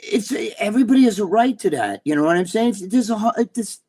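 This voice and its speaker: A man's voice: sits high, expressive, fast, darkish tone. A man with a New Jersey accent, co-hosting a casual chat, blunt and profane, rambling with lots of fillers. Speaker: bodybuilding personality, co-host.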